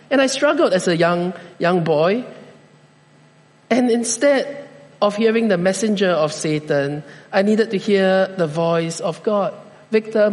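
A man preaching a sermon as pastor, speaking slowly and deliberately with measured pauses. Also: high-pitched, big-room sound.

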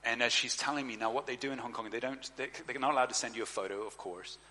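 A male preacher tells a personal story from the stage, jumping into lively voices for the people in it. His tone is bright and forward, and the sound rings with the long reverb of a large hall. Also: mid-range voice, fast. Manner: animated storyteller, acts out dialogue. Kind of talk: sermon storytelling.

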